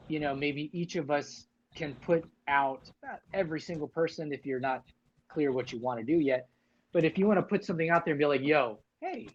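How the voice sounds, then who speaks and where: A man's voice: on the high side, dull audio, slight background noise. A man hosting a casual livestream chat, talking loosely with many fillers and restarts. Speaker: livestream host.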